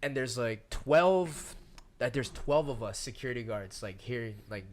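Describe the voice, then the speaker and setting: Animated Hawaiian man telling stories. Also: mid-range voice, moderate pace, a little hiss or hum. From Hawaii (Maui). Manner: animated, acts out quotes in shifting voices. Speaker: podcast guest, MMA fighter. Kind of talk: casual storytelling.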